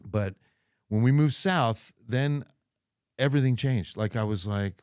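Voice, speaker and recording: A man's voice: fairly low pitch, a little slow, clean tone, dry recording, studio quality. A middle-aged man from New Jersey, a TV meteorologist and guest, telling stories in a casual podcast chat and acting out the people he quotes, with a neutral accent. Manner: lively storyteller, acts out quoted people.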